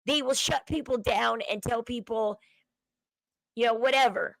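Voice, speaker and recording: A woman's voice: sits high, unhurried, creaky, fairly bright tone, no room sound, poor audio. A woman with a Southern accent, livestream host chatting casually to her viewers, with a chatty valley-girl way of talking.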